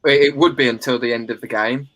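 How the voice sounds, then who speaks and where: A man's voice: mid-range voice, fairly even intonation, fast talker, fairly bright tone, dry recording. A man co-hosting a casual live stream in a laid-back way, often calling people dude. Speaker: co-host. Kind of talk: casual group chat.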